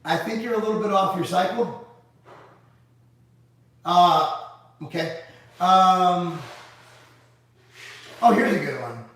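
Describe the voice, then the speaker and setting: Man hosting a live Q&A, fairly high-voiced, blunt and sarcastic, profane, sitting back from the mic in a very echoey room. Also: slow, pauses often, fairly bright tone, recorded from a distance. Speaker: livestream host reading viewer comments. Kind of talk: casual live Q&A.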